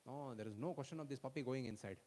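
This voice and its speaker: A man's voice: medium pitch, fast, a little mellow, in a large hall, lightly acted. A man voicing a stern male border guard who firmly refuses to bend. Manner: firm, dismissive refusals.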